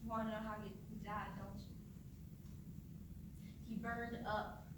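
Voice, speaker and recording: A woman's voice: mid-range voice, level tone, unhurried, distant mic, natural voice. A woman playing an eerie mother who is sweetly cheerful one moment and coldly morbid the next. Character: eerie doting mother of grown children, dwells on a dead son. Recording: echoey room, mic from afar, noisy.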